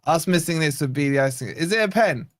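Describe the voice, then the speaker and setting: Venting about his side as the game goes on, this fan channel host hosts a live football watch-along with blunt sarcasm. His voice is a little high and expressive, and he talks a little fast.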